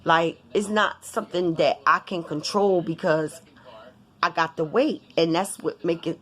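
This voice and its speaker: A woman vlogger talking casually and bluntly to her viewers, cursing often in an animated, informal way. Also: fairly low pitch, a little slow. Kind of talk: casual vlog rant.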